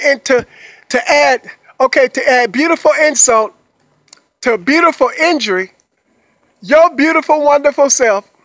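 A man's voice: very high voice, a bit bright, no echo. A man giving an upbeat motivational monologue. He talks in a repetitive, coaxing way, checks in with listeners after almost every phrase, and laughs playfully between points. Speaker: motivational speaker.

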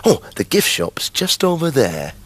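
A man's voice: fairly high pitch, huge pitch swings, unhurried, loud music behind the voice. A British man playing a cheery grown-up character on a children's TV show, chatty and chuckling as he tells a story.

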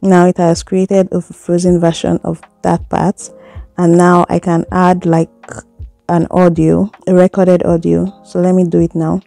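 A woman's voice: fairly low pitch, flat delivery, unhurried, vocal fry, mellow, no echo, faint music behind. A woman giving a chatty, step-by-step editing tutorial, seated indoors and recorded on a phone. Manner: chatty step-by-step explaining, little laughs. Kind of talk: casual screen tutorial.

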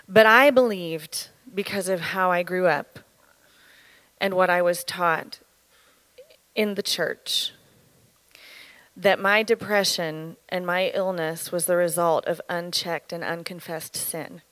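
A woman's voice: on the low side, fairly bright tone, dry recording, poor audio. Earnest woman giving a church testimony, dry sound. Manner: earnest, candid, measured. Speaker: church speaker. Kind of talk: personal testimony in a sermon.

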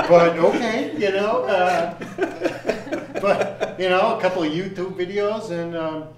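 Male actor guest, lively raconteur, slightly high voice, roomy distant sound. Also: a little slow, crowd noise. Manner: animated storyteller, acts out his own reactions. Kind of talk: casual chat. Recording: echoey room, distant mic.

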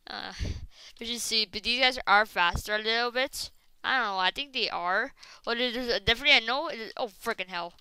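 A woman with a rather high, bright and very crisp voice gives casual gameplay commentary, recorded dry and close. She rambles with fillers and restarts, then bursts into excitable shrieks. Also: brisk, no room sound, rough recording. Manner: excitable, shrieks and exclaims when attacked. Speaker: gaming video host.

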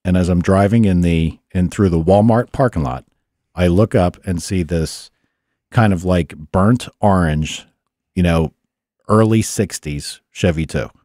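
A man's voice: deep voice, unhurried, dry recording, clean studio sound. A man hosting a casual car-racing podcast, telling stories in a loose, profane way. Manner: profane, animated storyteller. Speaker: podcast host. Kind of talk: casual chat. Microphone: studio mic.

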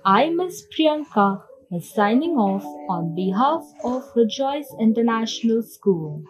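A woman French teacher giving a slow, careful lesson, spelling out words letter by letter. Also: a little high, big pitch swings, muffled recording.

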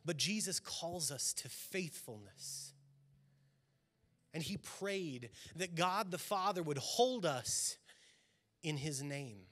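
Male pastor, slightly high voice, earnest sermon delivery that swells and drops. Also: lively intonation, slow pace, a bit bright. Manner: earnest, swelling emphasis on key lines. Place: church sanctuary.

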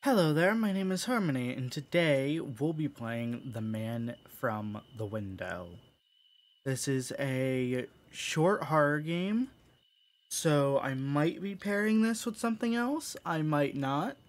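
A gaming streamer giving casual, chatty commentary while playing a horror game, self-mocking and quick to laugh. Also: medium pitch, animated. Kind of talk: casual let's-play commentary.

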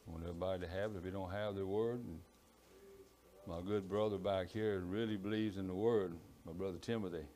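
A man with a Cajun accent preaches a sermon in a church in East Texas, his deep, dark-toned voice strong, brisk and fairly even in intonation. He rambles, apologizes and stumbles over his words.

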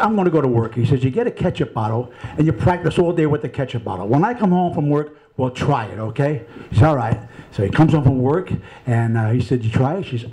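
A man's voice: medium pitch, dark tone, poor audio. A middle-aged man telling an old-school dirty joke and acting out each line. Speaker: comedian contestant.

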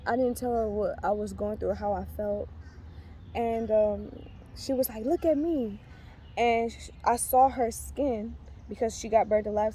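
Earnest pregnant young woman, mellow voice. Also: fairly high pitch, a little hiss or hum. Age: young adult. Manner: rambling, earnest, many fillers and restarts. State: heavily pregnant. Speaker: faith vlogger. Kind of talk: casual testimony vlog.

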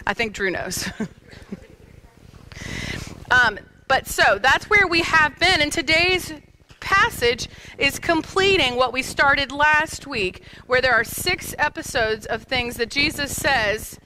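A woman's voice: sits high, expressive, slow pace, bright, forceful tone, a little hiss or hum, poor audio. A woman pastor in her thirties preaching a sermon in a church, telling stories with light humor and speaking directly to the kids. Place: church sanctuary.

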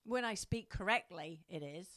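Lower-pitched woman co-hosting. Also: expressive, a bit bright. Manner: teasing, laughs often, brisk and matter-of-fact. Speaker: co-host. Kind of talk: casual chat.

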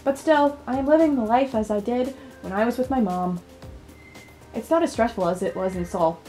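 Reading game dialogue aloud, a woman voices an overworked young female college student in a plain, subdued, weary way. Her voice is fairly high and warm at a normal speed, close to an everyday voice, with faint music behind.

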